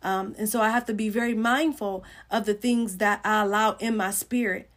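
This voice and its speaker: A middle-aged woman with a mid-range voice speaks at a moderate pace with fairly even intonation. She hosts a Christian livestream, giving an informal sermon in an earnest, conversational way and greeting viewers by name.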